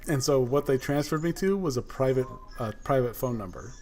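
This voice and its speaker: A man's voice: medium pitch, animated, a little fast, a little mellow, faint music behind. A man hosting a podcast, telling a story in casual chat and acting out both sides of a phone call. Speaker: podcast host.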